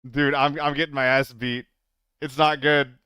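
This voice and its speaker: A man's voice: medium pitch, flat delivery, normal speed, sharp tone, clear, resonant tone, no room sound, studio quality. A young man live-streaming a shooter game, chatting loosely with viewers, swearing and getting flustered in fights. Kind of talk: casual live-stream chat while gaming.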